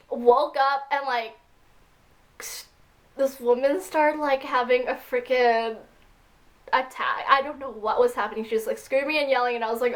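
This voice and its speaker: A woman vlogger telling a story to camera in a casual, rambling way, upset and full of "like" and "freaking". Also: high voice.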